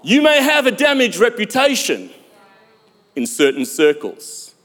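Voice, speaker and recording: A male pastor preaching a sermon, emphatic, with dramatic pauses and sudden loud swells. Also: sits high, huge pitch swings. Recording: long hall reverb.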